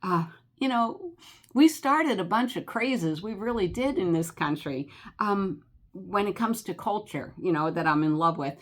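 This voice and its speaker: A woman's voice: medium pitch, a little slow. Older New Jersey woman, travel vlogger, rambling chatty delivery, full of fillers. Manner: chatty, animated, many fillers and laughs. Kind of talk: casual rambling chat.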